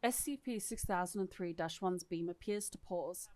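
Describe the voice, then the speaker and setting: A woman's voice: fairly low pitch, normal speed, a little mellow. A woman co-hosting a podcast, reading lore aloud in a casual, irreverent way and swearing freely. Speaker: podcast co-host.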